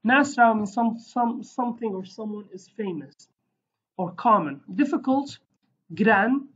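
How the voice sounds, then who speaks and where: A woman's voice: on the high side, animated, measured pace, fairly bright tone, breathy edge, dull audio. A woman teaching a casual online language lesson, chatty and digressive, with many fillers and self-corrections.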